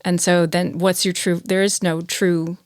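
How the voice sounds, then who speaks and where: A woman's voice: on the low side, little pitch movement, measured pace, no echo, clean studio sound. A woman from Long Island, New York, speaking as a guest writer in a casual podcast chat. She talks in a thoughtful, musing way, with loose restarts and fillers.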